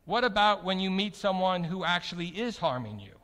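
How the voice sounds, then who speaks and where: High-voiced preacher in a reverberant hall. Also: male voice, expressive, brisk. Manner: emphatic, rhetorical questions, swings from loud to soft. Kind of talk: sermon.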